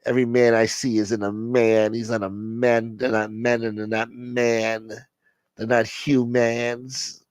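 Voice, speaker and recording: A man's voice: medium pitch, little pitch movement, unhurried, smooth, dry recording, natural voice. A man voicing an adoring married woman fan who gushes and fawns. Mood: gushing.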